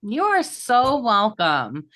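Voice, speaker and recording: A woman hosting a podcast interview, speaking enthusiastically and stressing key words with sharp rises. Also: a little high, huge pitch swings, slow pace. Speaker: podcast host.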